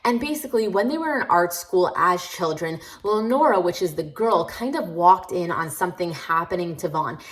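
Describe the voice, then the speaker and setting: In a casual reading vlog, a woman chats to camera with a lowish, expressive voice at normal speed, hardly pausing. She is frank and critical, fills her talk with "like", and the recording is rough.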